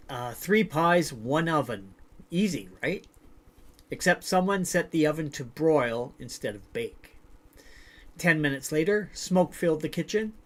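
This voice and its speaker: A man hosting a livestream, reading short stories aloud and then chatting loosely with filler words. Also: fairly high pitch. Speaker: livestream host. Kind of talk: casual livestream storytelling.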